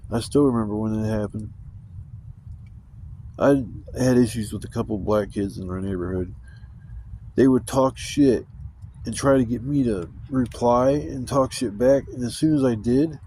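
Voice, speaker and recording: A man's voice: medium pitch, warm tone, a little hiss or hum, low-quality recording. A man telling rambling, profane stories in a casual vlog. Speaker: vlogger. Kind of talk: casual storytelling.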